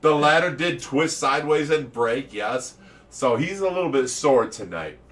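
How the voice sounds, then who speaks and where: Animated man telling stories, laughing. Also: medium pitch, normal speed, far from the mic. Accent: Ohio. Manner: animated storyteller, laughs often. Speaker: fish rescue owner, livestream host. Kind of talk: casual livestream chat.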